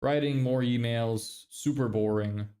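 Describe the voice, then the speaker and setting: A man's voice: mid-range voice, unhurried, dark tone. A young man chatting casually on a livestream, reading viewer messages, swearing and laughing often. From Ireland. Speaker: livestreamer and agency owner.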